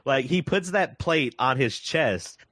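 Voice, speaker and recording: Animated, laughing podcast co-host man. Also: mid-range voice, takes it slowly, dry recording. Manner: laughs often, animated retelling with put-on quotes. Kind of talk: casual movie chat.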